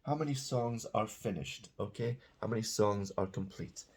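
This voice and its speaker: A man's voice: lowish voice, moderate pace, slightly rough. A man teaching English grammar, patiently explaining example sentences and checking in with "okay?". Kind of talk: grammar lesson.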